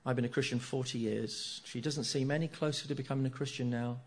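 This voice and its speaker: Earnest middle-aged preacher. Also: male voice, mid-range voice, fairly even intonation, quick pace. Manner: earnest, asks rhetorical tag questions, repeats key phrases. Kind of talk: sermon.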